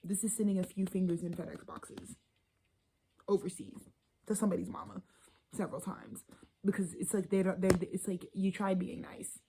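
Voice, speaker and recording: A woman's voice: fairly low pitch, normal speed, vocal fry, warm tone, slight background noise, rough recording. A woman giving a casual tarot reading, blunt and profane, rambling and sometimes dropping into a whisper. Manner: drops into whispers. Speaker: tarot reader.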